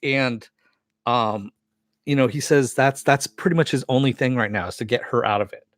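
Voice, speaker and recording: A man talks through the plot of an episode in a loose, conversational recap, leaning on "uh" and "you know" and laughing now and then. His voice sits at an ordinary middle pitch. The sound is close and dry, with no room around it. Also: normal speed, no room sound. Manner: loose storytelling with many fillers, chuckles often; voices the characters' lines with a lifted pitch. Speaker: TV reviewer.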